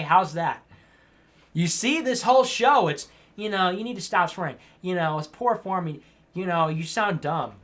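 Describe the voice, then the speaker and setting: A man's voice: high-pitched, lively intonation, normal speed, a bit bright. A man hosting a casual livestream show, reading viewer messages and answering with teasing, mock-scolding asides and rambling restarts.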